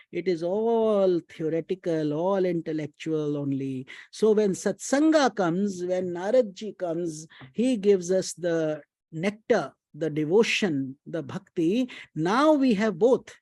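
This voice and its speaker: A man, a spiritual teacher giving an unhurried devotional storytelling talk, chanting mantras and mixing in Hindi phrases. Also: high voice, a little mellow, no echo.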